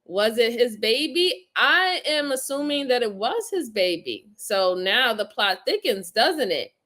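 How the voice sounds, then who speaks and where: A woman's voice: fairly high pitch, very animated, unhurried, bright, forceful tone. A woman hosting a live stream, casually commenting on crime footage and reading viewer comments aloud with frequent laughter.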